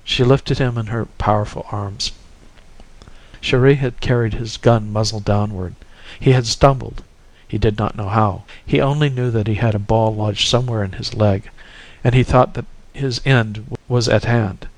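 A man narrating a classic short story in a measured, expressive reading. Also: on the low side, no echo, poor audio.

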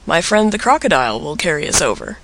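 A man voicing a small, cunning female partridge in a storybook, lively and chirpy. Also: on the high side, fast talker, creaky, exaggerated voice, rough recording. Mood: mournful.

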